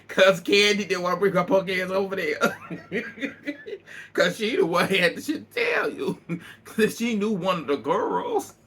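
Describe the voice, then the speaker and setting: A man recaps a reality TV episode in a loose, chatty way, laughing often and swearing freely. His voice is high for a man and swings widely in pitch. He talks slowly and draws out his words. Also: slightly rough. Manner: animated, laughs often, profane. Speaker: reaction vlogger.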